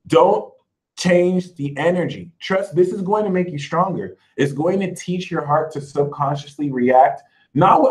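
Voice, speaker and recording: A man's voice: fairly high pitch, darkish tone, low-quality recording. A man speaking as an astrology reader, giving spiritual advice in an emphatic, sassy way and mocking imagined critics in put-on voices.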